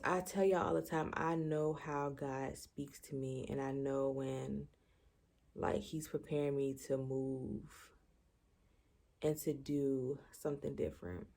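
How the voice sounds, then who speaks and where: Before bed, a young woman vlogger chats casually to her camera in a late-night vlog, picked up by the camera mic. Her low, warm voice turns reflective and emotional, sometimes near tears, as she searches for words, using many fillers and restarts.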